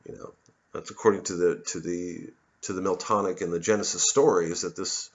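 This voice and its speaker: A man's voice: low-pitched, fairly even intonation, a little fast, dull audio. A man, a satirist, delivering a rambling, sardonic monologue full of swearing. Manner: sardonic, swearing, mocks others in put-on voices. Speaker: comedian and satirist.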